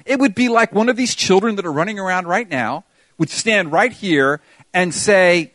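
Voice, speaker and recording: High-voiced older male preacher. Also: normal speed, fairly bright tone, no room sound. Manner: earnest, pleading, asks the congregation questions. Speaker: pastor. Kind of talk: sermon.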